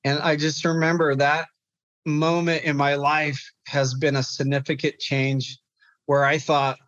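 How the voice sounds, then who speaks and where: A young man, a therapist, telling a painful personal story in an interview, halting and repeating words as he goes. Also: on the high side, little pitch movement, fairly bright tone, no echo, muffled recording. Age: young adult. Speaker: guest, clinical therapist.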